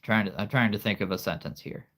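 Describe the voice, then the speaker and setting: A man's voice: lowish voice, fast, fairly bright tone. A man from the United States rambling and chuckling through a casual live stream from home. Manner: rambling, self-amused, chuckling.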